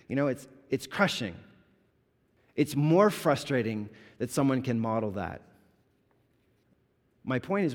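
A man pastor giving an animated, conversational sermon with humor to his congregation in a church. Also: medium pitch. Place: church sanctuary. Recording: long hall reverb.

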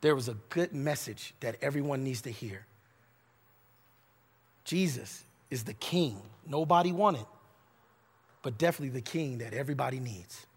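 A man's voice: mid-range voice, animated, normal speed, pauses often, breathy edge, big-room sound. A male pastor preaching a sermon, building emphatic repeated phrases and stumbling into restarts now and then.

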